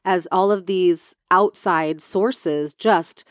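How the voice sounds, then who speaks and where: A woman's voice: lowish voice, slow pace, no room sound, studio quality. A woman co-hosting a casual chat, talking freely with many fillers and restarts.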